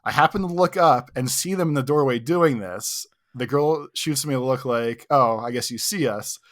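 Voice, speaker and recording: A man's voice: mid-range voice, normal speed, a bit bright. Rambling young man telling a story. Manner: rambling, heavy use of "like", self-mocking. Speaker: podcast co-host. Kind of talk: casual storytelling.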